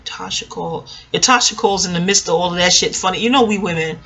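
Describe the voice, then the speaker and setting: A woman's voice: lowish voice, quick pace, vocal fry, fairly bright tone. A woman giving a casual, rambling TV episode review, joking and scattered, with frequent asides and free swearing. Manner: swears freely. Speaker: TV recap vlogger.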